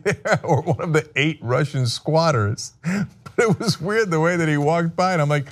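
Guy hosting a chatty show, laughs a lot, does funny voices for quotes. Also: a little high. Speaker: show host. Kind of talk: casual chat reacting to a viewer video.

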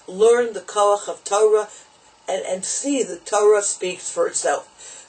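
Brief: chatty Torah teacher, mid-pitched, wanders off on asides, drops in Hebrew phrases. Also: rough recording. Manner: conversational and digressive, mixing in Hebrew and Yiddish terms. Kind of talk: informal Torah lesson on the Haggadah.

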